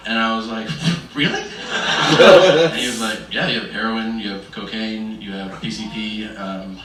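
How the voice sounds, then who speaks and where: Stand-up comic telling a story on stage. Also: male voice, fairly low pitch, unhurried, loud music behind the voice. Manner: animated, acts out other people's lines. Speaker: stand-up comedian. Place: stage before a live audience. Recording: distant, echoey stage recording.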